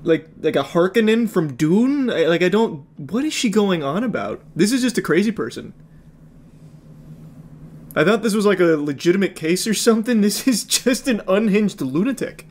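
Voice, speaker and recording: A man with a high, light voice talks over clips in casual reaction commentary. He sounds incredulous and sarcastic, and he swears freely. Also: lively intonation, moderate pace, darkish tone.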